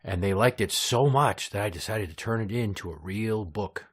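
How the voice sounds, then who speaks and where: A man hosting a mock children's show, gruff and deadpan with blunt profanity, reading out his own storybook. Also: lowish voice, normal speed. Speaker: podcast host.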